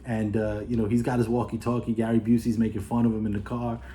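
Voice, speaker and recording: This man speaks on the low side in a level, mellow tone over a slight hiss or hum. Recapping a film's plot for a video review, he wanders along with plenty of "uh" and "you know," dropping into the characters' lines in quick asides.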